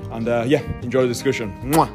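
A male podcast host talks in a rambling, laddish way and swears freely. His voice sits at an ordinary pitch, and faint music plays underneath. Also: a little fast. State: slightly out of breath. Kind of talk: casual monologue and chat.

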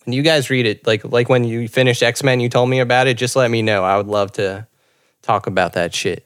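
A man's voice: mid-range voice, steady tone, fairly quick, fairly bright tone, smooth, no echo, clean studio sound. A man in a casual chat, rambling and laid-back, swearing and laughing often. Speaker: podcast co-host.

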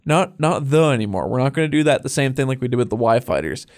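A man's voice: medium pitch, animated, quick pace, a little mellow. A young man co-hosting a podcast in casual, rambling chat, laughing often. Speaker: podcast co-host.

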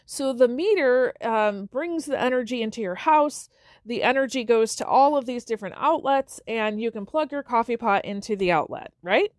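Chatty woman podcast host, crisp dry sound. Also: fairly high pitch, animated, moderate pace, no echo. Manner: checks in often with "okay?" and "right?"; conversational, with everyday examples. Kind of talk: self-help podcast talk.

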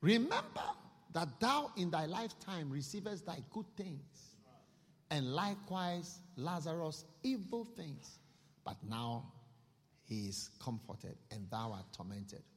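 A man's voice: a little high, sing-song, slow pace, husky, full character voice. A man voicing Father Abraham as a stern old patriarch, admonishing solemnly. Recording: echoey hall.

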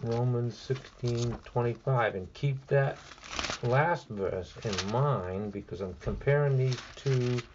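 A man teaching from the Bible in an informal, talky way, slowly stressing key words and stopping to look up verses. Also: mid-range voice, lo-fi sound, noisy background. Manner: reads scripture aloud, pauses to find verses.

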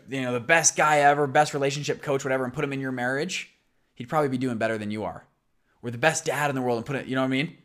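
A young man hosts his own podcast, talking casually and animatedly. His voice is raspy and scratchy from a sore throat. He tells stories in a loose, rambling way, with many restarts. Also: mid-range voice, a bit bright. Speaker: podcast host. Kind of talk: casual storytelling monologue.

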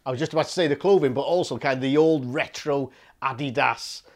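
A man's voice: mid-range voice, brisk. A man co-hosting a casual film podcast, gushing and enthusiastic. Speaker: podcast co-host.

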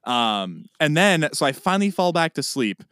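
A man co-hosting a podcast, chatting casually in a smooth, resonant voice set a little higher than most men's. He tells stories with animated flair and bursts into loud, acted-out exclamations. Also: normal speed, dry recording, clean studio sound. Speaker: podcast co-host. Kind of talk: casual chat.

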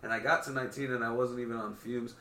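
Fast-talking bright-voiced male comic. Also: medium pitch, fairly even intonation, roomy sound, distant mic. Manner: rambling storyteller, swears freely. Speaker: stand-up comic, guest. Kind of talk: casual chat. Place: small studio.

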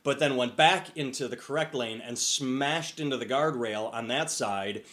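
A man's voice: medium pitch, normal speed. Rambling male podcast co-host. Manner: rambling, animated storyteller with profanity and restarts. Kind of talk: casual storytelling chat. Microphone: over a phone-computer call.

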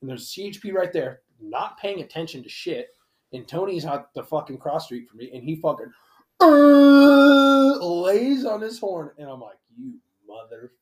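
A man in casual chat, telling animated stories with heavy swearing. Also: a little high, moderate pace. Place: Big Bear area, California.

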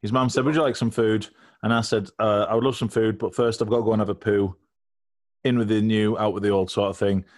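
A man's voice: lowish voice, steady tone, brisk, darkish tone. A man co-hosting a podcast, telling a rambling, cheeky comic story and laughing at his own jokes. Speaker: podcast co-host.

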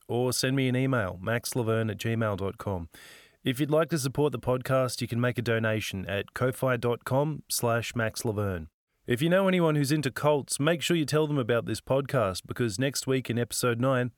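A man reading his own audio novel as narrator, in a dry, measured storytelling voice. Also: mid-range voice. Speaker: author and narrator.

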